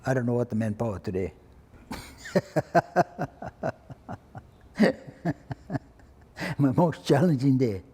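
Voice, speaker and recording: In his eighties, this former fire chief with a Hawaiian Pidgin-flavored accent tells an oral-history tale plainly while voicing the characters. He speaks very slowly with long pauses, very animated yet mellow and husky, in a mid-range voice captured in a large-sounding room.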